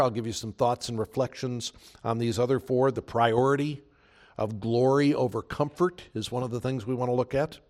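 Male pastor, mid-range voice, emphatic earnest sermon delivery. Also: medium pitch. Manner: earnest, emphatic preaching with repeated phrases.

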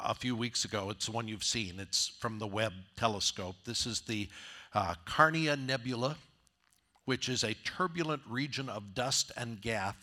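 A man's voice: on the low side, bright, forceful tone. A man preaching a conversational sermon as a pastor, often asking his listeners rhetorical questions.

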